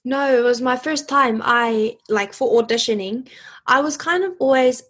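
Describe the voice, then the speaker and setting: Young woman from New Zealand, bubbly and chatty, slightly high voice, easy laughs, interview guest. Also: moderate pace, a bit bright. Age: young adult. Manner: bubbly and chatty, laughs often, many fillers. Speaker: interview guest, voice actor and singer. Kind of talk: casual interview chat.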